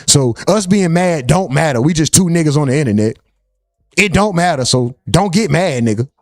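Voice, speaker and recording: A man with a high voice hosts a live stream and talks loose and profane, greeting his chat one name after another. The sound is dry and close, with no room around it. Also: expressive, normal speed, a little mellow, dry recording. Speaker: livestream host.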